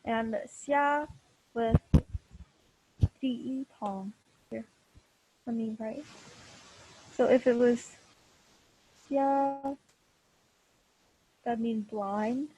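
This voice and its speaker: Slow-talking young woman teaching online. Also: a little high, fairly even intonation, warm tone, husky, rough recording. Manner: slow, patient explaining with frequent fillers and restarts. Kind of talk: online class lesson over video call. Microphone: computer mic on a video call.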